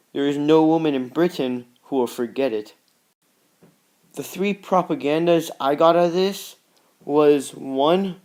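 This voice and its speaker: Young man giving a halting class talk. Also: a little high, darkish tone. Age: teens. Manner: halting and plain, often says "pretty much" and "just". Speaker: student presenter. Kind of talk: class presentation analyzing posters.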